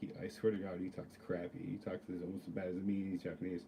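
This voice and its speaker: A man's voice: sits low, level tone, fast talker, warm tone, slight background noise. A man ranting casually to camera, rambling and swearing, with lots of filler words. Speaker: vlogger. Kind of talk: casual storytelling rant.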